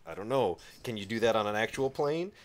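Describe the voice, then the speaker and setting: A man co-hosting a casual podcast in a studio, chatty and quick to laugh while he retells anecdotes. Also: lowish voice, lively intonation. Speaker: podcast co-host. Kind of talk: casual chat. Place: studio, sitting on couches.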